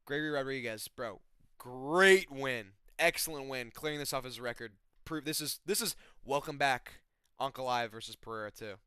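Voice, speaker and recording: A man's voice: mid-range voice, moderate pace, bright, forceful tone, smooth, dry recording, clean studio sound. A young man recapping fights in a rambling, profane, casual way, often correcting himself. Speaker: MMA fight reviewer.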